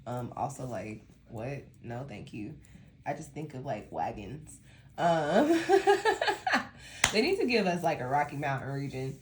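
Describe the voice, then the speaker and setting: A woman's voice: a bass voice, animated, normal speed. A woman from Denver with a Colorado accent, a tarot reader chatting in a rambling, sleepy way, with a slight lisp. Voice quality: slight lisp when tired. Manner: rambling, chatty, laughs often. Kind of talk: casual monthly tarot reading.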